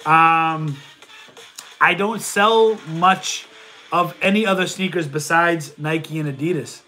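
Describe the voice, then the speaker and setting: A man's voice: on the high side, takes it slowly, bright, forceful tone, a little hiss or hum. A man hosting a casual livestream, reading viewer questions aloud and answering them, with a stuffy nose. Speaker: livestream host and reseller.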